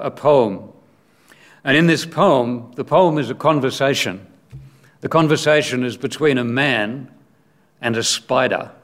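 A man preaching a sermon in a deliberate way, posing rhetorical questions. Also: medium pitch.

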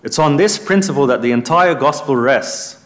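A man's voice: mid-range voice, expressive, moderate pace. A man preaching a sermon in an earnest, emphatic way, lifting his voice when he quotes scripture.

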